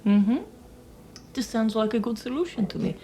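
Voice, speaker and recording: A woman's voice: a little high, moderate pace, warm tone, slight background noise. A woman playing a tabletop game who politely asks the game master questions. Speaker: player.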